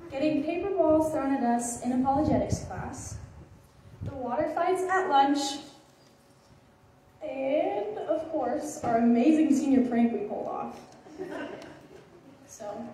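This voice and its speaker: A woman's voice: sits high, warm tone, a little hiss or hum. A graduating teenage girl giving an earnest, heartfelt speech at a school ceremony, a little nervous. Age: late teens. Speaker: graduating student. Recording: echoey hall, distant mic.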